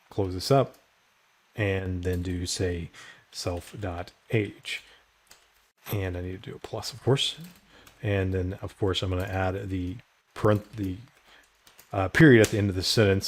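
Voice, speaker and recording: Man, middle-aged, lowish voice, coding tutorial, step-by-step explaining, filler words. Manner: walks through code step by step, many "uh" fillers. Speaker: programming instructor. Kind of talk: screen-recorded coding tutorial.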